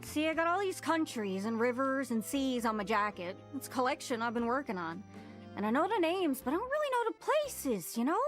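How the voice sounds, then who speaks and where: Lonely talking globe from a video game, Newfoundland accent, high voice, lively sing-song swoops, folksy rambling. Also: female voice, fairly quick, soft background music. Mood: chatty wistful. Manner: rambling, folksy, over-eager. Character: chatty lonely globe woman, eager and awkward. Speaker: game character.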